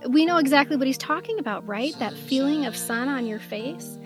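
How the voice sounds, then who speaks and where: A woman in her fifties co-hosting a casual podcast chat, telling stories with animated swings from soft to loud. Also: sits high, moderate pace, music in the background. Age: 50s. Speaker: podcast co-host.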